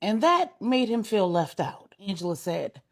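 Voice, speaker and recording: A woman storyteller reading an adult bedtime story with dramatic, animated delivery. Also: mid-range voice, a little slow.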